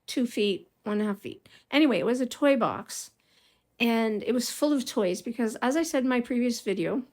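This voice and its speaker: A woman's voice: fairly high pitch, a little mellow. Rambling middle-aged woman telling a story. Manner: rambling and digressive, with frequent small laughs. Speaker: vlogger. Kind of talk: casual personal storytelling.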